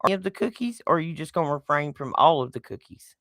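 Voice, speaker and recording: Woman, Southern US accent, middle-aged, low-pitched, blunt folksy talk, dry close sound. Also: expressive, quick pace, a bit bright, no echo. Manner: blunt, folksy, lectures with homespun analogies. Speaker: podcast co-host. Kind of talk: casual chat.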